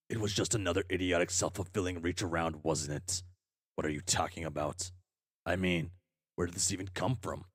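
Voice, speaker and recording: A man reading aloud as a furious, foul-mouthed young male troll, ranting and swearing at himself in shouted tirades. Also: deep voice, dry recording, clean studio sound.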